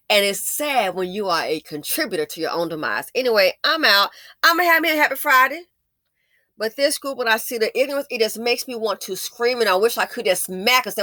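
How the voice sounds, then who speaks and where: A woman's voice: on the high side, expressive, a little fast, pushed and bright, no echo, studio quality. A woman hosting a commentary video, ranting in an angry, profane, scolding way. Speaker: commentary channel host. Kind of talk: blunt commentary rant.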